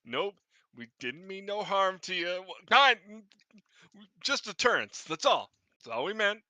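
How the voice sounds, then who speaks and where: A man's voice: sits high, sing-song, a little slow, bright, forceful tone, dry recording, heavily acted. A man as a jumpy, apologetic adventurer. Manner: nervous and apologetic.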